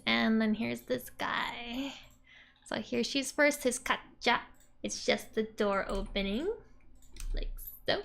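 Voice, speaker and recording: A young woman with a slightly high voice and a noticeably gravelly, creaky edge. She explains things in a relaxed, chatty way, filling her sentences with "like" and soft little laughs. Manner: chatty, says "like" often, laughs softly between points. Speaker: Japanese language teacher. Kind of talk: casual explanatory lesson.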